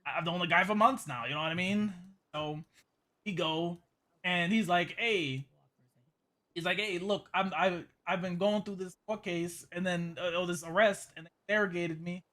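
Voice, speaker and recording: A man with a high, bright voice recounts an encounter in character during a roleplay. He rambles, stammers and repeats words as he tells it. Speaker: roleplay character giving a statement. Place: game voice chat.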